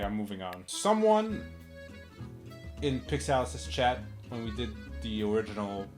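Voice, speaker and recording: A man giving rambling, sarcastic comedic commentary, swearing often and jumping up in pitch for jokes. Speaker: YouTube comedy host. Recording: music playing behind.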